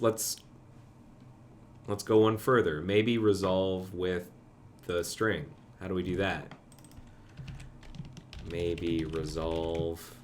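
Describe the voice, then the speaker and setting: A man's voice: low-pitched, slight background noise. A man streaming himself coding, thinking aloud and muttering to himself in a casual way. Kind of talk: casual live-coding commentary.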